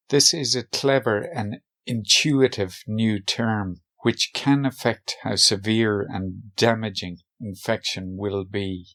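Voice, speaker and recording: A man hosting a workshop video, giving scripted narration with dry, deadpan humor. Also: lowish voice.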